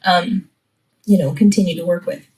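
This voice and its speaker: A woman guest who does comedy with her sister talks in a casual, chatty way, pausing with hesitant fillers. She sits a little away from the microphone. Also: fairly low pitch, steady tone, a little mellow, husky, distant mic. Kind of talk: casual chat.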